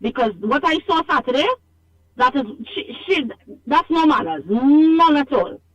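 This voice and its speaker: A woman's voice: high-pitched, expressive, unhurried. A Trinidadian woman calling in to a radio show, talking emphatically and scolding, repeating herself for stress, over a phone line. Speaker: radio call-in caller. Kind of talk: animated call-in complaint.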